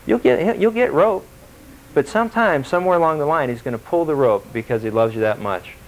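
A man preaching a sermon in a conversational, animated way, asking the congregation questions and acting out quotes in shifting voices. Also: on the high side, brisk, low-quality recording. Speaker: pastor.

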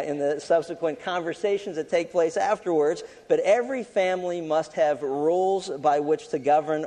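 A man's voice: a little high, mellow, long reverb tail. A man preaching a sermon as a pastor, telling a story in a conversational way with frequent restarts.

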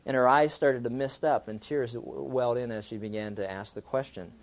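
A man's voice: mid-range voice, fairly even intonation, a little fast. A male pastor delivering a sermon in a loose, conversational way. He slips into acted voices to play out the people in his examples and in the story he reads. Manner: conversational preaching, acts out voices when reading a story aloud.

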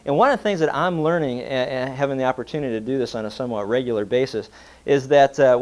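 A man's voice: medium pitch, darkish tone. A man preaching a sermon in a folksy, conversational way, telling a humorous story to his congregation. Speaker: pastor.

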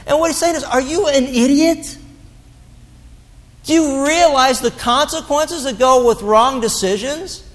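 A man preaching a sermon as pastor, animated and blunt, mocking the excuses he quotes. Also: very high voice, big-room sound.

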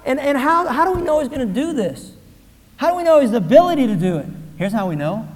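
A pastor preaches with a high, light male voice that rises from hushed lines to shouted peaks. His sermon carries long reverb from a large hall, like a church sanctuary. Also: sing-song, fast talker.

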